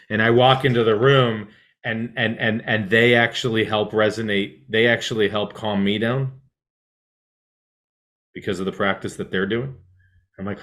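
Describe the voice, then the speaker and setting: A man teaching a mindfulness class in a casual, rambling way, often checking in with "right?" and dropping to a soft hush to guide the breath. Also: fairly low pitch, normal speed. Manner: drops to a soft hush when guiding breath.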